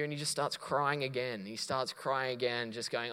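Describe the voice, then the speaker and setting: A man's voice: medium pitch, a little fast, hardly any pauses, sharp tone, smooth. A man preaching a sermon, telling a story and quoting others before building to emphatic points. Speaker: pastor. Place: church auditorium. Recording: long reverb of a church hall.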